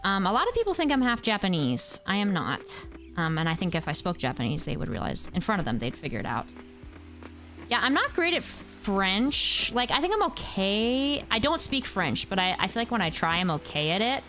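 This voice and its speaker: Young woman, streamer, rambling casual chat, mid pitch, faint music underneath. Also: sing-song, normal speed, a bit bright. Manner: rambling, chatty, reacts to chat.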